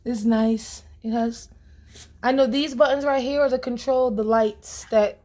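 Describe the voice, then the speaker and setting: A woman's voice: fairly high pitch, steady tone, unhurried, mellow. A woman talking casually to viewers while unboxing, chatty and informal, calling them guys and y'all. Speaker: vlogger.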